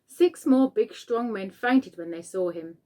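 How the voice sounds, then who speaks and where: A woman, a teacher, reading a children's book aloud with expressive storytelling. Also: mid-range voice, unhurried.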